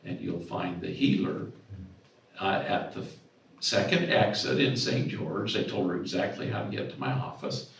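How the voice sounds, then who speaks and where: A man's voice: on the low side, moderate pace, creaky, a little hiss or hum. Middle-aged guy telling a story at a conference, acts out the other voices, far off in a really echoey room. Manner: animated anecdote-telling, acts out dialogue with raised voice. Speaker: speaker at a symposium. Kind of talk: storytelling talk.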